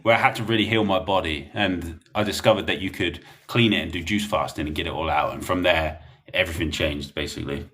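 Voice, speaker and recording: Deep-voiced man chatting on a livestream. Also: steady tone, a little fast, pushed and bright. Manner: blunt, rambling, laughs often. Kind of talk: casual livestream chat reading comments.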